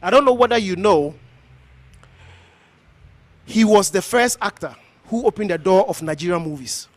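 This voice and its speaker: A man's voice: high voice, fairly bright tone. A man from Ghana, a pastor, giving an earnest, exhorting speech to a gathering, repeating himself as he goes. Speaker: pastor hosting an honoring event.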